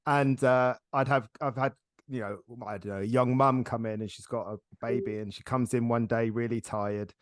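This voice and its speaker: A man's voice: mid-range voice, fairly even intonation, moderate pace, dry recording. Give me a middle-aged man as a podcast host, chatty and laughing, recorded dry. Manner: chatty, laughs often, storytelling. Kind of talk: casual interview chat.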